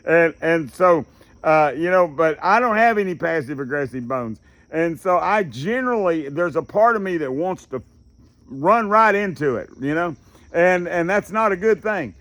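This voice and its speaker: A man speaks in a fairly high, folksy voice, teaching anger control like a casual chat. He loops back with fillers and restarts. Crickets chirp faintly behind him. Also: animated, normal speed, a bit bright, no room sound. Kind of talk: casual lecture.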